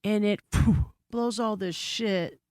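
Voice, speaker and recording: A woman guest on a podcast telling a story in casual chat, animated and full of swearing and asides, recorded in a studio. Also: mid-range voice, slow pace, dry recording. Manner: animated, profane, frequent asides.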